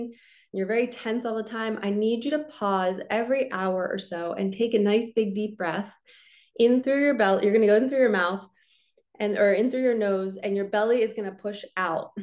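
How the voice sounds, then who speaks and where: A woman, a spiritual coach, giving a relaxed, chatty card reading and talking her listeners through slow belly breathing. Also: medium pitch, highs cut off. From New Jersey. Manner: relaxed, chatty, reassuring, lots of "like" and "so".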